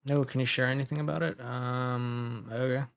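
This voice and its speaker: A man's voice: mid-range voice, steady tone, normal speed, vocal fry. Man chatting casually on a live stream. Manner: joking, loose and chatty. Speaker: ASMR creator.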